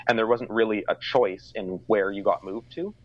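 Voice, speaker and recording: A man's voice: fairly low pitch, fairly even intonation, normal speed. A young man from Canada telling a personal story in a casual conversation, reflective, with many ums. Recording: dry, slightly dull sound.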